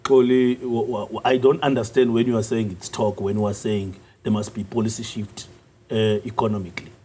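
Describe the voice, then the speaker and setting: A South African man, a youth league official, arguing his case in a news interview, assertive and clearing his throat often. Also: flat delivery, a little fast, mellow, slight background noise. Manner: assertive, rises in pitch when pressing a point, frequent throat clearing. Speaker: youth league secretary general, interview guest. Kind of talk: political interview, argumentative.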